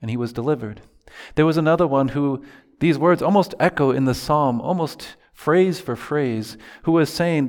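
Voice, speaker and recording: A pastor delivers a sermon in an earnest, steady way. His voice sits a touch higher than most men's, and he drops into quoted prayers as he preaches. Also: moderate pace.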